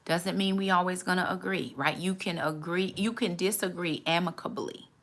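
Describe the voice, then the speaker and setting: A woman, hosting a casual faith talk and switching into quick high voices to act out other people. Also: fairly bright tone. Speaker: channel host, mother giving faith advice.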